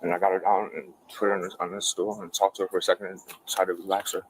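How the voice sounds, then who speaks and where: Fast-talking man on noisy body cam. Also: low voice, level tone. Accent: Ohio. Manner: rapid, rambling, swears often, quotes himself. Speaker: witness giving a statement. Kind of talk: casual account to police. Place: outdoors by a garage and shed. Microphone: police body camera. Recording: noisy body camera outdoors.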